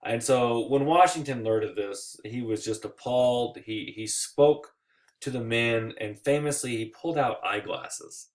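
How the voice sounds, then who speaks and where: A man's voice: mid-range voice, measured pace. Guy teacher doing a chill slide lecture, jokey asides, medium voice. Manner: casual, joking asides with playful quoted voices. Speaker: history teacher.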